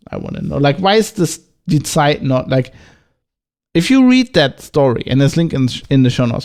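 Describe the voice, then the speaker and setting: A man's voice: mid-range voice, gravelly, darkish tone. A man with a German accent hosting a solo podcast, talking in a casual, agitated way, swearing and firing off rhetorical questions. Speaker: podcast host.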